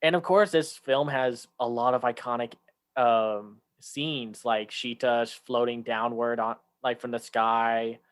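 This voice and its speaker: A man's voice: medium pitch, steady tone, unhurried, clean tone. Chatty man, full of fillers. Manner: chatty, many fillers and restarts; acts out lines from a film in raised voices. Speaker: podcast co-host. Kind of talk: casual chat.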